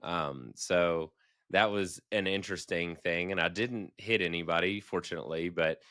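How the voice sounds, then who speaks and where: A man's voice: low-pitched, normal speed, pushed and bright, dry recording, clean studio sound. A man co-hosting a podcast, telling easygoing travel stories in casual chat and chuckling as he talks. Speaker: podcast co-host.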